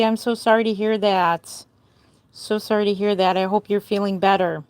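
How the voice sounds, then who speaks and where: A woman's voice: medium pitch, no room sound. An older woman chatting on a live stream as a doll artist, greeting viewers by name with a bubbly, giggly manner. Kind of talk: casual live stream chat.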